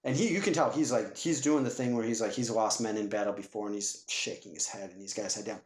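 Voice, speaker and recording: Animated man retelling a movie, roomy echo. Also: lowish voice, fast talker. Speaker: podcast co-host. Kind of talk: casual movie podcast chat.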